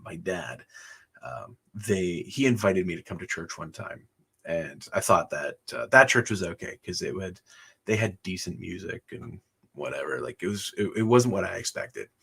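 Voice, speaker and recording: A man's voice: deep voice, creaky, fairly bright tone, slightly rough. A man on a livestream, telling his life story casually, chuckling often and rambling with fillers. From Canada. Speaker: livestream host.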